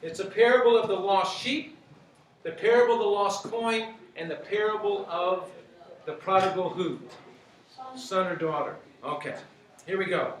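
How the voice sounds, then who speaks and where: A man's voice: high voice, normal speed. A man teaching a group, asking many rhetorical questions and repeating phrases. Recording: very echoey, from far off.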